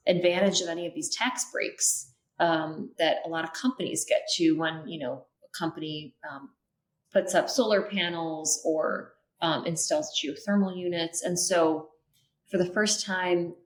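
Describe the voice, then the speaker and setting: A woman's voice: lowish voice, unhurried. Earnest woman guest in an echoey room. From Minnesota. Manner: earnest, many filler ums and restarts. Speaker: guest, clean energy policy strategist. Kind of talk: podcast interview. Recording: roomy echo.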